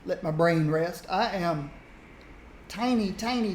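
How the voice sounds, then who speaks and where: Chatty male streamer, high voice, roomy sound with faint hiss. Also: unhurried, pauses often. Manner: chatty, rambling, laughs often. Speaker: gaming streamer. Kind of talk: casual gameplay commentary.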